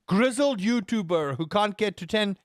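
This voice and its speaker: A man with a high-sitting voice livestreams a game, chatting casually with his viewers and ranting with emphatic repetition. He addresses his chat between tangents, and the audio is studio quality with no echo.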